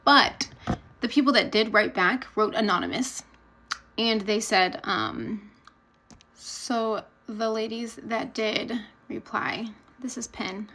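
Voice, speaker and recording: A woman's voice: mid-range voice, pushed and bright, low-quality recording. A woman vlogger chatting candidly and bluntly as she tells a personal story, laughing now and then. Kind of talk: casual storytelling to camera.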